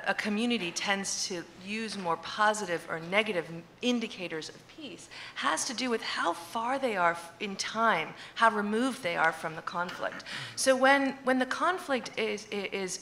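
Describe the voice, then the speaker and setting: A woman's voice: medium pitch, sharp tone, a little hiss or hum. A woman speaking on an academic conference panel, thoughtful, with many restarts and "right?" checks. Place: conference hall.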